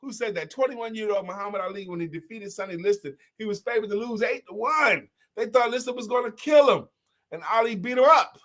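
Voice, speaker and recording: A middle-aged man hosts a live talk show with a voice that sits on the high side. He talks in an animated way, sings little jingles and reads viewer comments aloud. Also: fairly quick. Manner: animated, sing-song jingles, bursts into shouts. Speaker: host.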